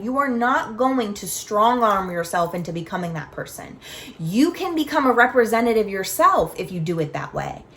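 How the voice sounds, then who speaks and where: A woman's voice: high voice, a bit bright. A woman in her thirties or forties hosting a solo podcast, talking candidly and earnestly through personal stories. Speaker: podcast host. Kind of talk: reflective solo talk on self-acceptance.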